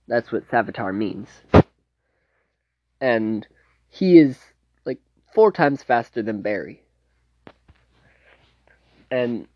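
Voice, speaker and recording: A man's voice: mid-range voice, muffled recording. A man casually recapping a TV series plot in a loose, rambling way, full of fillers and self-corrections. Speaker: TV series reviewer.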